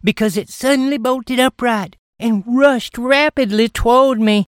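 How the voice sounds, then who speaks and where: A woman spins a folksy comic yarn, stretching out the dramatic beats. Her voice is smooth and clear. It sounds dry, with no room echo. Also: a little high, a little slow. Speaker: comic storyteller. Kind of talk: folksy comedic storytelling.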